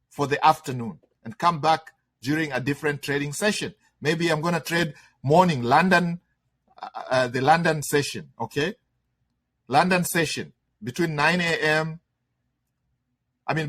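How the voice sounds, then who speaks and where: A man's voice: a little high, fairly bright tone. Emphatic man teaching a webinar. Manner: emphatic, conversational, repetitive, checks in with "okay?". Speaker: trading instructor. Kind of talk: webinar lecture.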